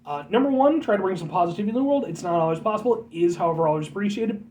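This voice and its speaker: A man's voice: high-pitched, animated, rapid-fire, few pauses, darkish tone, far from the mic, a little hiss or hum, poor audio. An American man hosting a casual vlog, rambling and joking as he talks to his viewers as folks. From United States. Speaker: vlog host.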